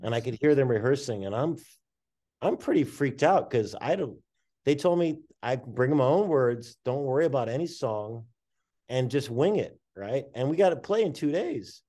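Brief: man, mid-pitched, casual storyteller, slangy and swearing, animated pace. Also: normal speed. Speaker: guest artist.

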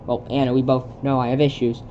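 This young adult video creator talks fast in a mid-range, dark-toned voice with little pitch movement, reading a film script out loud in a casual way. Stage directions get read too, with stumbles and confused pauses to remark on what's happening. The audio is lo-fi with slight background noise.

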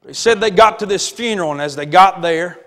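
A man preaching a sermon, telling a story dramatically and building to shouts. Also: high-pitched, a little fast. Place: church sanctuary. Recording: long hall reverb with faint music.

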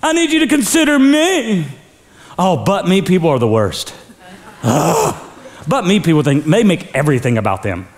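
A man's voice: sits high, moderate pace. A male pastor preaching a sermon with energy, calling on the congregation to repeat after him. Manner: energetic preaching with call-and-response. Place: church sanctuary.

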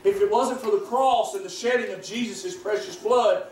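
A man preaching a sermon as pastor, reading scripture aloud in a measured, deliberate way with pauses, recorded in a church sanctuary. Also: high-pitched, darkish tone. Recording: echoey church room from a distance.

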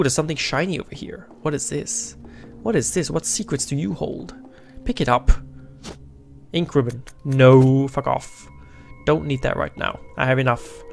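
Gravelly, excitable gamer guy. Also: mid-range voice. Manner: excitable, profane, talks to characters. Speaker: gaming channel host. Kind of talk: let's play commentary.

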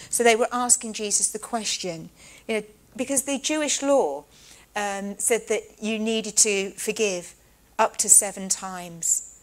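A woman preaching a sermon in a measured, conversational way. She slows down to stress key words and drops in casual asides. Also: a little high, low-quality recording.

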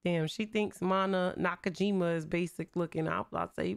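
A woman's voice: lowish voice, steady tone, normal speed, creaky, smooth, dry recording, clean studio sound. A young woman streaming a life-simulation game, chatting in slang and talking to her characters as she plays. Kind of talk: casual game commentary.

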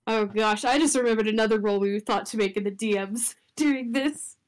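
A woman playing a tabletop game, chatting in an animated, giggly way. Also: on the high side, fairly quick. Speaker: player. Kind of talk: casual tabletop game chat.

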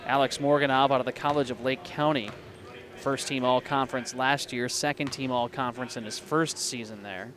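A man calling a college basketball game play by play, with quick calls and stat rundowns. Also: medium pitch, fairly even intonation, crowd noise. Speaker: play-by-play announcer.

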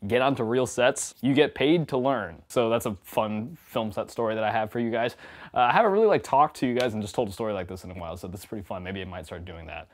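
A man's voice: on the low side, fast. A young man and indie filmmaker telling a story to camera in a casual, upbeat way, chatty and laughing often.

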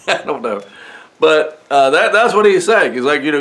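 With a fairly high, slightly bright voice and lively intonation, a man preaches at a moderate pace in a church sanctuary. He reads Bible passages and unpacks them in an easygoing, conversational style full of chuckles, fillers and restarts.

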